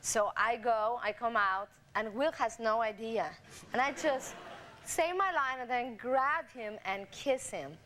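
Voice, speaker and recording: A woman guest on a TV talk show, telling a story with lots of laughter and quick acted-out quotes. Her voice sits fairly high for a woman. A faint hiss from an old satellite TV recording runs under everything. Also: fairly bright tone. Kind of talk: animated anecdote telling. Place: TV studio with audience.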